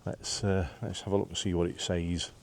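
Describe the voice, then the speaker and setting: A man's voice: low voice, little pitch movement, normal speed, darkish tone. A man, chatting casually as he walks and films outdoors on a breezy hillside, rambling with lots of "uh" fillers. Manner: chatty and rambling, many "uh" fillers, self-deprecating. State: out of breath after climbing. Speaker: vlogger. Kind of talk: casual walking vlog narration. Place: outdoors on a windy hillside path.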